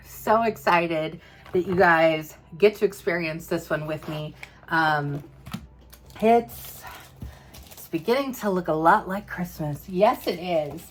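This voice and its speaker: A woman's voice: on the low side, a bit bright. A woman giving a bubbly, chatty product review, talking straight to her viewers with playful asides. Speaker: vlogger reviewing home fragrance.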